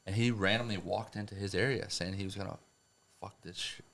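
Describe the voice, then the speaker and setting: A man telling rough stories on a podcast, profane and rambling, laughing through them. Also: fairly low pitch, fairly even intonation, fairly quick, fairly bright tone. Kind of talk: casual storytelling.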